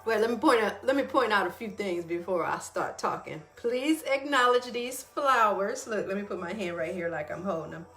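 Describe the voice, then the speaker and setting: A woman's voice: medium pitch, expressive, moderate pace, hardly any pauses, faint music behind. A woman hosting a casual wellness livestream, talking loosely to her viewers and greeting them by name as she goes. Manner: warm, chatty, greets viewers by name mid-talk.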